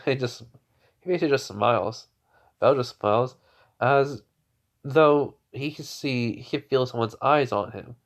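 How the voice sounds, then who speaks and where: A young man telling an improvised fan-fiction story in a halting way, with many restarts and fillers. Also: medium pitch. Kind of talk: casual improvised story narration.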